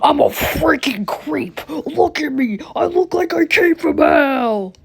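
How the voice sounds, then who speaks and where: Woman putting on a deep demonic beast hedgehog. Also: expressive, slow, gravelly, heavily acted. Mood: snarling. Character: monstrous male hedgehog turned demonic beast. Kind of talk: reading a creepypasta aloud.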